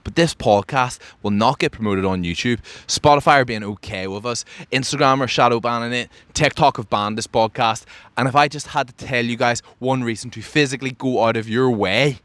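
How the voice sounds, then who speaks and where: A man's voice: medium pitch, brisk, a bit bright, dry recording. Brash man hosting a podcast. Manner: boastful, brash, mock-grandiose. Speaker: podcast host. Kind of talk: brash comedic podcast monologue.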